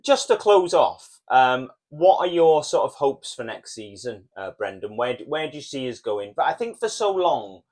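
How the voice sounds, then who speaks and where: A man hosting a podcast, explaining in a measured, steady way. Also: mid-range voice. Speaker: podcast host. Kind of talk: casual podcast chat.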